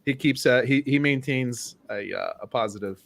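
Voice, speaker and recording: A man co-hosting a sports podcast, chatting casually and telling stories in a relaxed way that often trails off quietly. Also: medium pitch, moderate pace, vocal fry. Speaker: podcast co-host.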